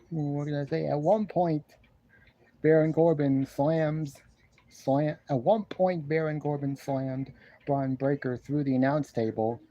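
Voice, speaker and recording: A man casually reviewing a wrestling show from his love seat at home, rambling and repeating himself while he clears a congested throat. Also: on the high side, steady tone, takes it slowly, dark tone, dull audio. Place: living room at home, seated on a love seat. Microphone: camera in front of him.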